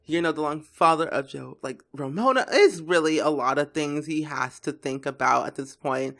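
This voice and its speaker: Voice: medium pitch, moderate pace, gravelly, a bit bright. A gameplay commentator talking casually and rambling on, with lots of filler words and restarts.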